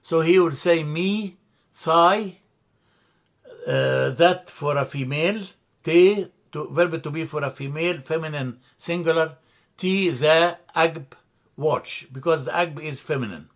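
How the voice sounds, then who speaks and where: A man teaching a grammar lesson, explaining step by step, spelling out letters, repeating words and often pausing to correct himself. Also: fairly high pitch. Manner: frequent hesitations and self-corrections. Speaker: language teacher.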